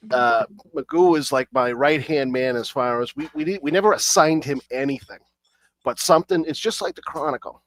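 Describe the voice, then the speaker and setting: A man's voice: medium pitch, moderate pace, a bit bright, no room sound. A man in his fifties, co-hosting a podcast, reminiscing fondly about college days in casual chat. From Canton, Massachusetts. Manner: reminiscing, fond storytelling. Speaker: podcast co-host.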